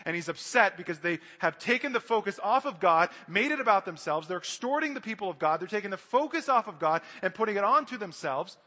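Male preacher with a high voice, earnest and straight-talking to the church, reverberant hall. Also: expressive, quick pace, few pauses, pushed and bright. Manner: earnest, direct, addresses the congregation. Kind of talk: sermon.

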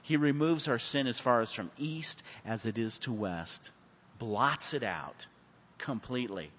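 A man teaching a Bible class in a church hall. He preaches with sudden swings from hushed to loud and asks the class questions, calling on people by name. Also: mid-range voice, animated, a little slow, husky. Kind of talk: Bible study sermon. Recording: muffled sound with a long hall reverb.

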